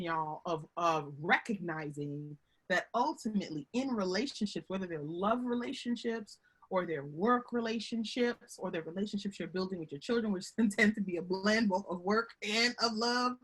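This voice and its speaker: A woman giving a lively, chatty webinar talk over a video call from home, often calling her audience y'all. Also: mid-range voice, husky. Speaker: guest speaker on workplace relationships.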